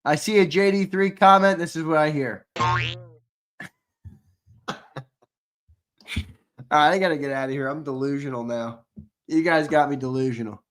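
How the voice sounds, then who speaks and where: A man hosting a sports live stream in a loose, joking way. He laughs easily and chats with viewers as he reads their comments. His voice sits a little high for a man. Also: normal speed, long pauses, fairly bright tone. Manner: laughing, playful, reads chat aloud. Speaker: podcast host. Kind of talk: casual live-stream banter.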